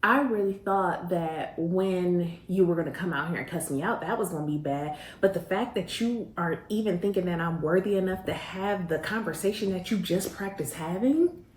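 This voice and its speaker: A woman host telling a personal story in a lively, slangy way, acting out what people said. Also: fairly low pitch, normal speed, roomy sound, slight background noise. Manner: animated, slangy, acts out quoted voices.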